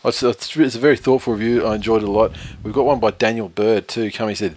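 Aussie guy hosting a footy podcast, lowish voice, dead dry mic, rambly banter. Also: steady tone, darkish tone, no echo. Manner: rambling, reads listener reviews aloud slowly. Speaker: podcast co-host. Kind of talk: casual sports podcast banter.

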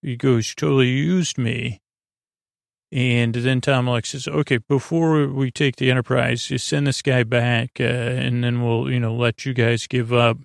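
A man hosting a podcast, casually retelling a story in a loose, halting way with lots of fillers. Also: medium pitch, level tone, gravelly, no room sound, studio quality. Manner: loose, halting, many fillers, quotes characters in plain voice. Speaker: podcast host recapping an episode. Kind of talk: casual spoken recap.

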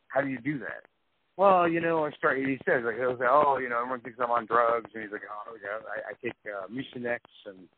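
A middle-aged man from Florida telling long, rambling, profane stories in casual chat. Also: mid-range voice. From Tampa, Florida. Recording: phone-like audio with faint noise.

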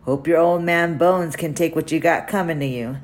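A woman wrestler giving a recorded birthday shout-out with playful trash talk. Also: low-pitched, normal speed. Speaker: pro wrestler.

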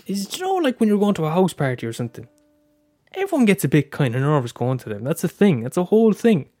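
A man's voice: a little high, huge pitch swings, fast talker, mellow, no echo. A young Irish man hosting a casual solo podcast, talking candidly with frequent swearing and stammered restarts. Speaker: podcast host.

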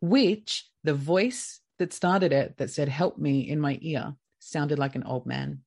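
A woman's voice: low voice, takes it slowly, vocal fry, slightly rough. A woman with an Australian accent, a podcast guest telling a personal story casually and acting out what each person said. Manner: lively, acts out quoted dialogue.

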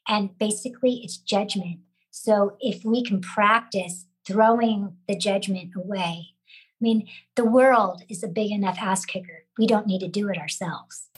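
A woman's voice: medium pitch, measured pace, husky, low-quality recording. A woman, a working actress, speaking as a podcast guest in a candid, reflective way. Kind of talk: casual interview chat.

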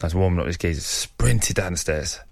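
A man's voice: sits low, animated, moderate pace, gravelly, darkish tone, no room sound, studio quality. An English man in his young adulthood, a footballer guest telling laddish stories with playful banter. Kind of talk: casual chat.

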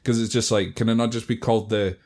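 A man's voice: on the low side, fairly even intonation, fast talker, darkish tone. A man co-hosting a podcast, rambling through facts with lots of "kind of" and "basically". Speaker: podcast co-host. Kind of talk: casual chat.

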